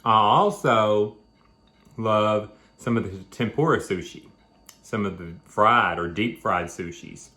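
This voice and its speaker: Low-voiced man chatting while eating. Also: slow pace, pushed and bright. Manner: chatty, rambling, talking between bites. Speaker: vlog host. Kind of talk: casual chat while eating. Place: at home.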